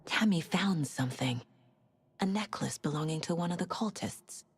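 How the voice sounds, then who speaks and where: Brief: level-headed female agent, calm and reassuring, lowish voice. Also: normal speed, vocal fry, breathy edge, exaggerated voice. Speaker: FBI agent questioning witnesses. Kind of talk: video game voice acting.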